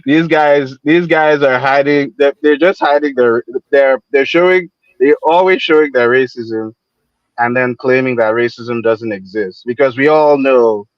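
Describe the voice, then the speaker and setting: Over dull, dry lo-fi call audio without room sound, a mid-range male voice comments casually as a livestream guest. His speech is halting with frequent restarts and repeated words, and he gets heated pushing his point.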